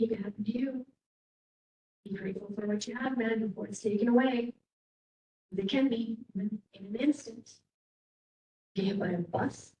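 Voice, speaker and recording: A woman's voice: on the high side, darkish tone. A woman with a Canadian accent giving a casual, frank keynote speech, stressing points by repeating them. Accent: Canadian English. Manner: casual and frank, with quick laughs and emphatic repetition. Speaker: keynote speaker. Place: large hall. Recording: echoey hall, mic at a distance.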